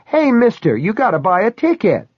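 A man voicing a brash, loud woman who sells carnival tickets, with a cawing, bossy holler. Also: medium pitch, big pitch swings, moderate pace, slightly rough, no room sound, pitched above the performer's own voice. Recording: dull lo-fi recording.

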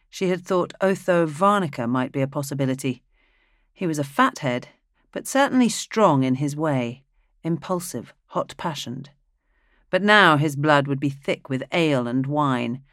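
Steady fantasy audiobook narrator, dry sound. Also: mid-range voice, no room sound.

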